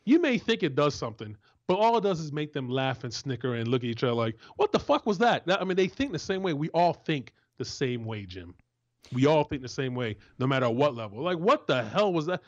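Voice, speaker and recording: A man with a somewhat high voice talks heatedly on a podcast, blunt and quick to swear. He stumbles and repeats words as he presses his point. The line is dry and a little muffled. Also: dry recording. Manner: animated, swearing, repeats words when worked up. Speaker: guest analyst.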